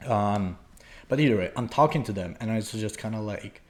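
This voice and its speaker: A man's voice: on the low side, animated, moderate pace, a little mellow. A young man from Poland telling a long, rambling story in a casual podcast chat, full of fillers and restarts. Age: young adult. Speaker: podcast co-host.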